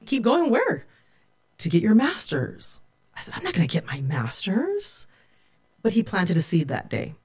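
Professor guest, woman; warm reflective storyteller. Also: lowish voice. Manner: earnest, reflective storytelling with quoted dialogue. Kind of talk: storytelling interview.

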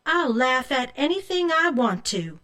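A woman's voice: high voice, sing-song, unhurried, a bit bright, pitched above the performer's own voice, heavily acted. Storybook brat, a bossy greedy girl with a raised, snippy voice, put on by a woman reader. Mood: rude. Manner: snippy, demanding. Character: rude greedy bratty young girl.

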